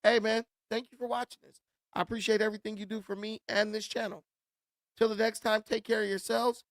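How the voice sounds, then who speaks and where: A man's voice: sits high, level tone, brisk, dry recording. Blunt, emphatic man in a dry room. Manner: emphatic storytelling with a repeated refrain; slangy, blunt and profane. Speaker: commentary channel host. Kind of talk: commentary monologue.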